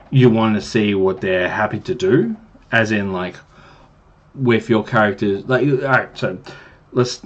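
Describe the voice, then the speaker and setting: A man who runs tabletop games, giving casual advice on a livestream in a rambling, self-deprecating way and swearing now and then. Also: lowish voice. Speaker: game master and streamer.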